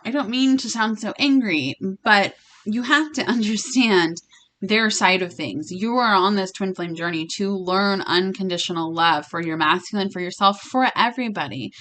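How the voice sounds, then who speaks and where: Bright-voiced woman giving a blunt spiritual reading. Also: medium pitch, moderate pace, a little hiss or hum. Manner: blunt, emphatic, swears freely. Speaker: tarot reader. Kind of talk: casual spiritual reading to viewers.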